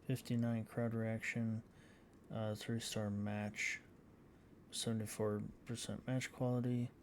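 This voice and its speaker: A man giving casual gameplay commentary as a channel host, reading out results haltingly with frequent fillers. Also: fairly low pitch, flat delivery, slight background noise. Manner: halting, reads out scores with many fillers.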